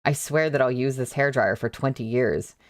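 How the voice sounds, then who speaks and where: A man's voice: mid-range voice, normal speed, no room sound, studio quality, close to an everyday voice. A man reading as a flustered young sister. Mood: boastful. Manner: apologetic, pleading. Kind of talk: audiobook reading.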